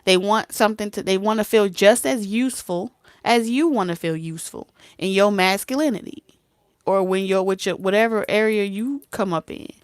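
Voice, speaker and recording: A woman tarot reader talks straight to her audience in a blunt, streetwise way. She acts out both sides of a conversation, laughs often and slips into soft whispers. Her voice sits at a middle pitch and is recorded dry and close. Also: normal speed, smooth, no room sound. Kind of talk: casual talk to camera.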